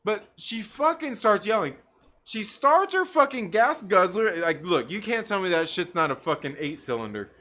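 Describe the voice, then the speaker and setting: Animated, foul-mouthed man telling a story. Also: sits high, moderate pace. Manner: profane, animated, laughs mid-story. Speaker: livestream host. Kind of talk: casual storytelling rant.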